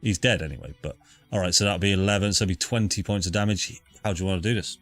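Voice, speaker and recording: A man's voice: low voice, fast talker, fairly bright tone, soft background music. A man running a tabletop game as dungeon master, easygoing and thinking aloud over the rules.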